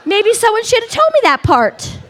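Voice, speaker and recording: A middle-aged woman telling a funny personal story to a live audience, animated and dramatic, building tension with repeated phrases. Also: moderate pace. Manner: animated, dramatic, repetitive build-up with wailing high quotes. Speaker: speaker at a women's gathering.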